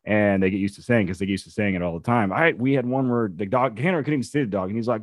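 A man co-hosting a casual podcast chat. His voice sits low, and he tells blunt, profane stories with lots of quoted asides. The sound is dry and close. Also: fast, no room sound. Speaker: co-host, police dog handler.

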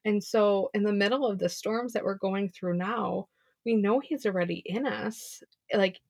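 A woman's voice: medium pitch, moderate pace, gravelly, a little mellow, no echo, studio quality. A young woman co-hosting a podcast, giving a casual faith devotional talk in an earnest, chatty way full of "like". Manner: earnest, chatty, heavy filler "like".

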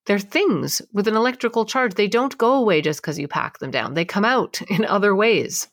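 Woman co-host, animated advice-giver, dry studio sound. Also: mid-range voice, normal speed, no echo. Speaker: co-host giving emotional advice. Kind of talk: casual advice chat.

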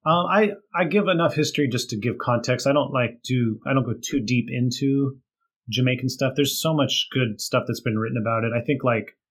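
A man's voice: mid-range voice, fairly quick, breathy edge. A man, a guest author, chatting casually and telling a story with frequent laughs and fillers. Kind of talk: casual chat.

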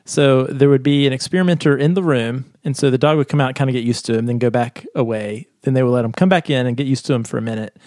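A man's voice: mid-range voice, fairly even intonation, fast, few pauses, a little mellow, dry recording, studio quality. Chatty man explaining a study. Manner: chatty, explanatory, laughs often. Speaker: podcast co-host explaining a study. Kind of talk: casual science chat.

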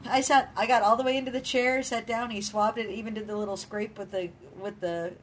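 A woman's voice: a little high, fairly even intonation, brisk, a little hiss or hum. Woman podcast co-host, casual storyteller, filler-heavy chat. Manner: chatty, storytelling, lots of "like".

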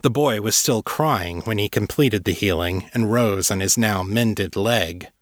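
A man narrating a fantasy audiobook in a steady, measured way. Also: on the low side, no echo, clean studio sound. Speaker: narrator and author.

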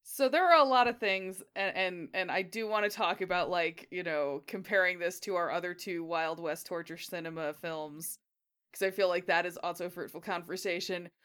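A woman with a bright, clear voice joking through a movie discussion. Her tone is wry and casual, with a bit of swearing and laughter mixed into her talk. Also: lowish voice, moderate pace. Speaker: podcast co-host. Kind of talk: casual movie-review chat.

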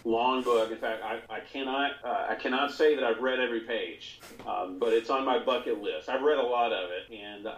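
A man's voice: medium pitch, moderate pace, few pauses. A man answering interview questions earnestly, with frequent fillers and restarts. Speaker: guest author. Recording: echoey room, dull lo-fi sound.

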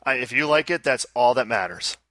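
A man's voice: medium pitch, expressive, pushed and bright, dry recording. A man co-hosting a casual podcast, rambling and joking about pinball machines. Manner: rambling, joking, fast asides. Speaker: podcast co-host. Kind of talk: casual chat.

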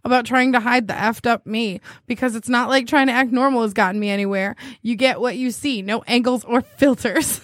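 Woman, podcast co-host, casual chat, giggly, slightly high voice, dry close sound. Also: fairly even intonation, a little fast, few pauses, dry recording. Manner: giggly, reads dating profiles aloud with frequent laughter.

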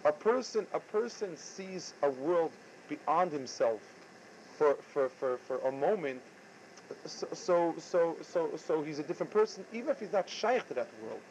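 Casting male rabbi, halting Torah lecture, slightly high voice, dull lo-fi tape. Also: expressive, a little mellow, slight background noise. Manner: halting, repeats words often. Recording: dull lo-fi recording.

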